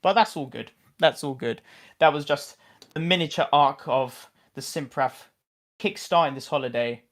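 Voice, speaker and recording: A man's voice: fairly high pitch, moderate pace. British man telling a story on a podcast. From United Kingdom. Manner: animated storyteller, laughs often. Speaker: podcast co-host. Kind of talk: casual podcast chat.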